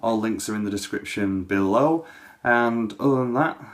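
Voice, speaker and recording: A man's voice: lowish voice, moderate pace. A man, a card magician, telling a casual anecdote as patter for a trick. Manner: casual, anecdotal, fond of "I'm like". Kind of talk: chatty storytelling patter.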